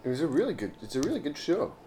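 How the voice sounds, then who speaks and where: A man's voice: a little high, wildly swooping pitch, racing, mellow, a little hiss or hum. A man in his thirties co-hosting a podcast, trading dry wisecracks in casual banter. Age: 30s. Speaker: podcast co-host.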